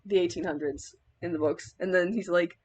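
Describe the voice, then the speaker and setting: A woman's voice: fairly low pitch, fairly even intonation, brisk, a little mellow, husky. A young woman chatting casually in a vlog while styling a cosplay wig, rambling with many filler words and laughing mid-sentence.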